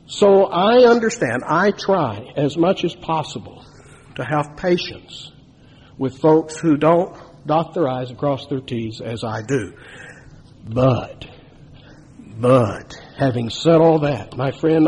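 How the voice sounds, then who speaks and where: A man's voice: on the high side, a little slow, darkish tone, husky. A man preaching a sermon, telling a story and building to emphatic, rising climaxes. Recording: long hall reverb.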